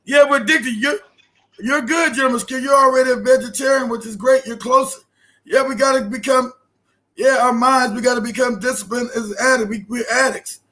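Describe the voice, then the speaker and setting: Man, very high voice, bright tone, casual podcast host, loud and joking. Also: steady tone, fairly quick. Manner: loud, joking, slipping into shouted put-on scolding voices.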